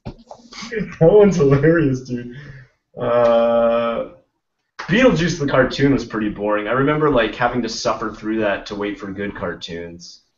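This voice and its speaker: A man's voice: medium pitch, expressive, unhurried, slight background noise. A young man hosting a casual podcast chat, laid-back and rambling, swearing now and then. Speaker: podcast host. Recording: dull lo-fi stream audio.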